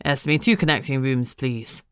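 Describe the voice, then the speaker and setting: A woman voicing a dry, blunt male inspector who talks in a flat, matter-of-fact way, in a dry audiobook recording. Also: very deep voice, unhurried, clean tone, dry recording, pitched below the performer's own voice.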